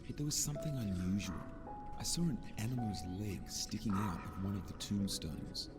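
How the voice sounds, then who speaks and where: A man voicing a video game narrator who calmly recounts a lonely winter run in the woods. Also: lowish voice, moderate pace, natural voice. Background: loud game music.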